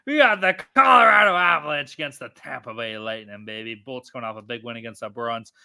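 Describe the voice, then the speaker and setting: Betting podcast host guy, bright punchy voice, rattles off odds, teases the others. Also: medium pitch, vocal fry. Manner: teasing, reads odds briskly, swears casually. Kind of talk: casual betting podcast hosting.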